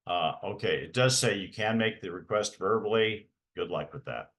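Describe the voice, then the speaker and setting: A man's voice: fairly low pitch, moderate pace, fairly bright tone. A middle-aged man, giving a training talk for parents and repeating key points with emphasis. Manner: emphatic, repeats key points, frequent "okay?" check-ins. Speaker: parent advocate presenter. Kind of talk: training presentation.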